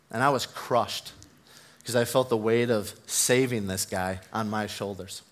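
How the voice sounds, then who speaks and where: Speaking unhurriedly in a fairly low voice, a man preaches a sermon that is earnest and builds to fervent emphasis. He weaves in personal stories, laughing at himself as he tells them.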